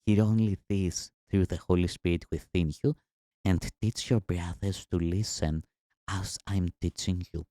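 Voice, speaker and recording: A man giving a measured, earnest spiritual reading in a solemn teaching style. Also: low voice, fairly even intonation, mellow, no room sound, studio quality.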